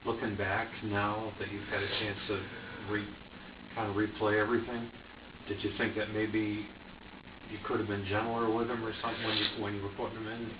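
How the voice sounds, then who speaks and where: A man questioning a suspect in a police interrogation, asking in a quiet, measured way. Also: lowish voice, level tone, noisy background. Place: interrogation room. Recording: distant echoey muffled archive audio.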